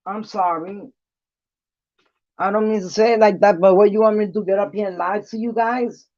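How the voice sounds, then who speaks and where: A woman ranting bluntly to her viewers in a casual vlog, defiant and dropping quick apologies. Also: mid-range voice, steady tone, warm tone, dry recording. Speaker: vlogger. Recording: dull lo-fi dry sound.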